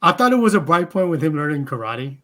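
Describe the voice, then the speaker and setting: A man's voice: a little high, sing-song, quick pace, pushed and bright. A man co-hosting a casual podcast chat, with a laid-back, slangy way of talking. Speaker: podcast co-host.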